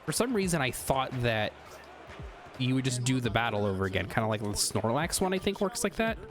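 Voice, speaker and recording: A young man chatting casually while playing a basketball video game, talking in a relaxed, low-effort way and laughing often. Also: a little fast, music in the background. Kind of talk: casual chat while gaming.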